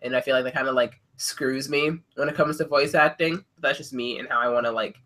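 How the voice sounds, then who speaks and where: A man's voice: medium pitch, fairly even intonation, fairly quick, a bit bright. A man hosting a casual podcast chat, rambling with many fillers and hesitations. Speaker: podcast host.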